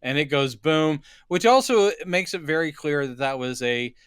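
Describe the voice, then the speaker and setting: Podcast co-host, male, slightly high and crisp voice, dry close mic, chatty recap with bits of acted dialogue. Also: lively intonation, normal speed, a bit bright, no room sound. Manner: chatty, acts out lines from the film. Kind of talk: casual movie-recap chat.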